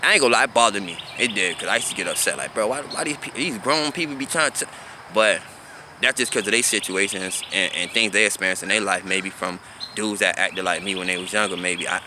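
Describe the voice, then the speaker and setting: Talking fast in a voice that sits low, the South Florida vlogger in his thirties loosely shares stories from his teenage years, checking in with "you feel me?" again and again. Background noise is audible.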